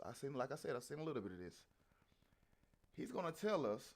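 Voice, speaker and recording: A man hosting a reaction video, talking in a loose, rambling way and cussing freely. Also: mid-range voice. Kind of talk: casual commentary.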